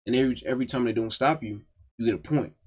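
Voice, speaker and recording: A man's voice: mid-range voice, very fast, darkish tone, breathy edge. Profane man telling a story, lo-fi. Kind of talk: casual storytime monologue.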